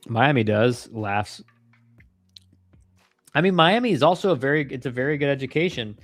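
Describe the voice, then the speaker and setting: A laid-back man chatting on his live stream, with a mid-range voice that is neither high nor low. His delivery rambles with slang and restarts. The sound is dry and close, with faint music underneath. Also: animated, moderate pace, no room sound. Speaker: live-stream host, former college ballplayer. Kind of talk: casual live-stream chat answering viewer questions.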